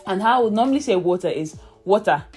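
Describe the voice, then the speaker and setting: A woman's voice: mid-range voice, lively intonation, fast talker, darkish tone, soft background music. A young woman from Nigeria who speaks with a British English accent, talking casually and thoughtfully to camera as a vlogger, with many fillers and light laughs. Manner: chatty and reflective, with frequent fillers and laughs. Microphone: camera mic, talking to camera.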